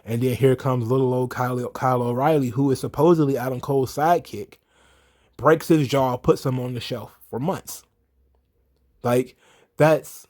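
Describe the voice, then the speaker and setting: A man's voice: medium pitch, fairly even intonation, normal speed, darkish tone. Casual, profane man recapping wrestling. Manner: loose, profane and laughing, acts out promo quotes. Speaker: wrestling commentary host. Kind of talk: casual solo recap commentary.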